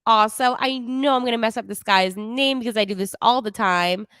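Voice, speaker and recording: A young woman with a New Jersey accent hosts a casual hockey podcast, recapping games on a livestream in a chatty, self-deprecating way. Her voice is higher, a bit bright and smooth, at normal speed. The sound is clean studio audio with no echo.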